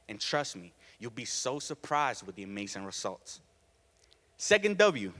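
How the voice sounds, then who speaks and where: Teen guy w doing a school speech, kinda high voice, big echoey hall. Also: a bit bright. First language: Spanish. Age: teens. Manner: earnest, emphatic, laughs between points. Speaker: student speaker. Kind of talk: prepared student talk. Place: school auditorium. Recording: long reverb of a hall.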